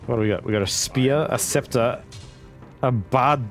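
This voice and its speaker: A man in his twenties gives relaxed, rambling live game commentary at a moderate pace in a medium-pitched voice. Faint music plays behind him, and he answers chat between fights.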